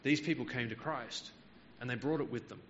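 A man's voice: medium pitch, a little fast, big-room sound, lo-fi sound, slight background noise. A man preaching a Bible teaching sermon, explaining verses patiently with frequent hesitant fillers.

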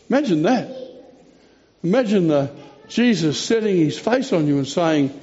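A man preaching in a sermon, earnest and storytelling, his voice pitched a bit high but mellow in tone. He reads scripture aloud and often pauses and restarts. The recording is dull and lo-fi. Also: sing-song.

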